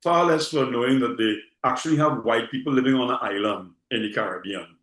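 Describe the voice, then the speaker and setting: A man's voice: medium pitch, a little fast, a bit bright. Trinidadian man, casual talk, roomy sound. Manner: repeats words, leans on rhetorical "okay?". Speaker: guest. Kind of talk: casual conversation.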